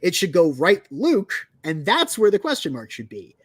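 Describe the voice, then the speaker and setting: A man co-hosting a casual comic review chat, animated and picky about details. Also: high voice, moderate pace, breathy edge, no echo, clean studio sound. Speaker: podcast co-host.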